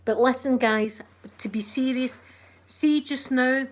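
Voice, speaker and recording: A woman's voice: high-pitched, steady tone, slow, a little hiss or hum. A middle-aged Scottish woman hosting a casual livestream, telling a story animatedly and acting out what people said. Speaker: channel host.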